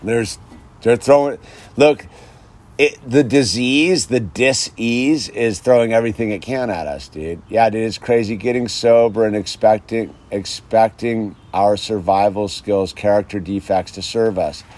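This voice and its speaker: A man's voice: fairly low pitch, measured pace, a little mellow. Rambling man who says "dude" a lot. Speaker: vlogger speaking on sobriety and faith. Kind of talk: casual rambling monologue. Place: outdoors in a home yard.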